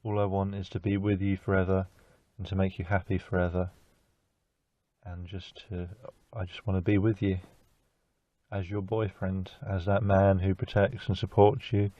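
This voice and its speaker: Young man, low flat earnest voice, heartfelt message, tinny phone-quality mic. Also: no echo. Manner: earnest, repetitive, halting with fillers. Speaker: boyfriend recording a love message.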